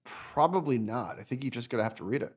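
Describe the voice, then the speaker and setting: A man co-hosting a finance podcast, chatting casually, animated and restarting sentences often. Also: mid-range voice, fast, slightly rough. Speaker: podcast co-host.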